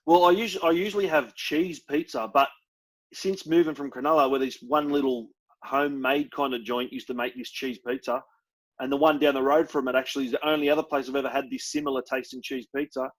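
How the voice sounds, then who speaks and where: A man's voice: medium pitch, steady tone, a little fast, rough recording. A young Australian man co-hosting a podcast, chatting casually, bluntly and enthusiastically, with some swearing. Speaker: podcast co-host. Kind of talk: casual chat.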